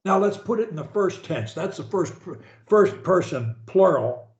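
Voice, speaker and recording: Animated, preachy male speech coach. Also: sits high, normal speed, roomy sound, dull audio. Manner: animated, preachy, swings from loud to whispered. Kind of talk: coaching session over video call. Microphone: video call.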